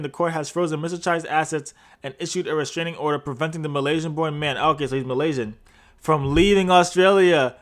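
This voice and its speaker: A man with a somewhat raised pitch runs a casual crypto news livestream at his desk mic. He reads articles aloud, then drifts into jokey, rambling commentary between the headlines. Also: a bit bright.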